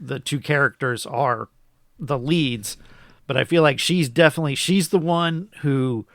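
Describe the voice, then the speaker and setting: A man from Florida co-hosting a casual film review, chatty and quick to give his opinions. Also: mid-range voice, gravelly, a bit bright, no echo, clean studio sound. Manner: chatty, jumps in with quick opinions and mock voices. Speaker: podcast co-host.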